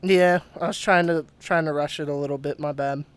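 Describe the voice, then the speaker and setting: A man's voice: on the high side, brisk, clean tone. Man animatedly telling a ghost story. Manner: profane, laughing, animated retelling. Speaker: podcast host. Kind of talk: casual storytelling.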